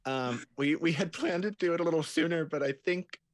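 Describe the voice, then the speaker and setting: A man's voice: fairly high pitch, a little fast, no room sound. A man who directs and acts, explaining his work at length in a casual interview. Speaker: director, writer and actor.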